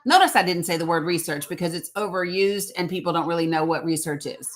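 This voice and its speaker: A woman's voice: fairly low pitch, fast talker. A middle-aged woman hosting a casual livestream from home on her phone, emphatic and chatty, repeating her points and greeting viewers by name. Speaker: livestream host.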